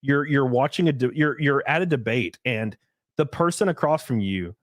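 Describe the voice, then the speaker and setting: A young man hosting a podcast, chatting casually in an animated, ranting way and mocking others' voices. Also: mid-range voice, moderate pace, no room sound, clean studio sound. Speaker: podcast host. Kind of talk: casual opinionated chat.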